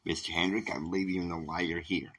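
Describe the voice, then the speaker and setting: A calm political adviser tries to smooth over a quarrel, as a man puts him on. His voice drops low and quiet, gentle and measured. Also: rough recording. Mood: formal. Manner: hushed, placating. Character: soft-spoken male political adviser, calm peacemaker.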